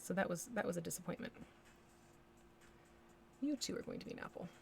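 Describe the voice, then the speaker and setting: A woman from the United States hosts a miniature painting livestream, her fairly low voice creaky and husky. She talks animatedly and a little fast, chatting casually and thinking aloud as she works while humming little nonsense syllables.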